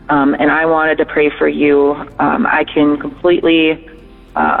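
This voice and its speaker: A man from North Dakota phones in an earnest, halting prayer, full of ums and fresh starts. His slightly high voice is gravelly and stays flat in pitch. It comes through a tinny phone line with soft music underneath. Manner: hesitant, many ums and restarts, earnest. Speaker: caller.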